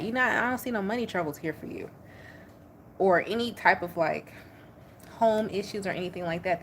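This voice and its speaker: Animated, slangy woman tarot reader. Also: medium pitch, slight background noise. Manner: animated, slangy, emphatic repetition. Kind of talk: casual tarot reading.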